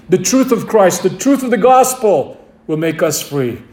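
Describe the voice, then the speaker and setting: A man's voice: high voice, big pitch swings, normal speed, a little mellow. A man preaching a sermon to his congregation, emphatic and repeating key phrases. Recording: echoey room.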